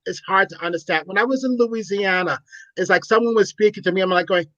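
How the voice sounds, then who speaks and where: A man's voice: high voice, fast talker, fairly bright tone, dry recording, muffled recording. A man from New England in a casual chat, playful and teasing about accents. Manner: playful, mock-coaching.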